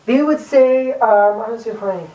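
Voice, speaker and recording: A young woman talks casually to a camera, rambling and chatty, her speech full of fillers and asides. Her voice sits a little high. She is picked up from a distance in a room with a noticeable echo. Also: normal speed, warm tone. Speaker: YouTube vlogger. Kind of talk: casual talk to camera about a book. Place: room, filmed by a camera person. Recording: echoey room from far off.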